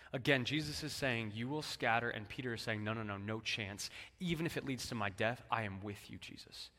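A man preaching a sermon in a conversational, animated way, acting out the quotes he tells. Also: mid-range voice. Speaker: pastor. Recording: long hall reverb.

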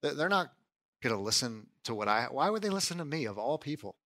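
A man preaching a sermon in a conversational way, often saying "like" and "right?" and getting animated when he voices someone's doubts. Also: mid-range voice, fast. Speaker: pastor.

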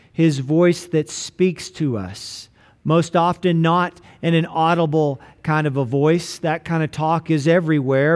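A man preaching a sermon as a pastor, slowing down to stress key lines. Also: a little high, a little mellow.

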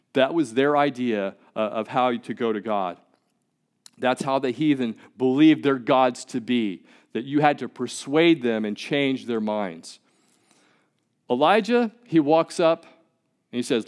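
A man's voice: mid-range voice, lively intonation, moderate pace. Male pastor, mid-range voice, conversational but emphatic sermon delivery. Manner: conversational and emphatic, with repeated words.

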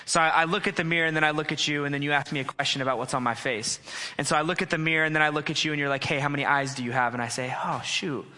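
A young pastor preaches a sermon from a stage in a slightly high, bright, forceful voice, speaking rapid-fire with fairly even intonation. He's earnest and conversational, poking fun at himself as he tells stories, and a long hall reverb trails his words.

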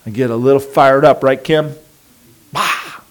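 Animated conversational male preacher. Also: mid-range voice, fairly quick. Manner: conversational and animated, acting out inner voices. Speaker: pastor. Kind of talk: sermon.

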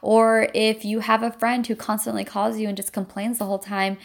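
A woman's voice: a little high, flat delivery, normal speed, creaky. A woman, a mother, telling a personal parenting story in an earnest, reflective way, often starting with "and so". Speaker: mother sharing parenting experience.

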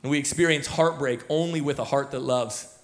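A senior pastor in his thirties preaches a sermon to his church in the auditorium, telling stories loosely with many fillers and repeated starts. His voice is medium-pitched and fairly quick.

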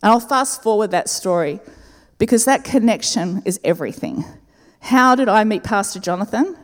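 Woman, fifties, pastor, sermon, expressive, emphatic repetition, long hall reverb. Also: mid-range voice. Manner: expressive storyteller, slows and repeats for emphasis. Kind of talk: sermon with personal story. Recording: reverberant church hall with faint music.

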